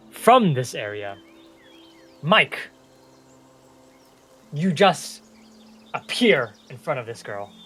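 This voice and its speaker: Lively young man running a tabletop game. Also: on the high side, slight background noise. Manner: chatty, loose narration with frequent chuckles. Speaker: game master.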